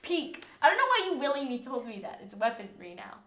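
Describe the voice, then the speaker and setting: A woman's voice: on the high side, big pitch swings, pushed and bright, a little hiss or hum. Giggly young woman in an echoey room. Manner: giggly, quick, slangy storytelling. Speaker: podcast co-host. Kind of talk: casual chat.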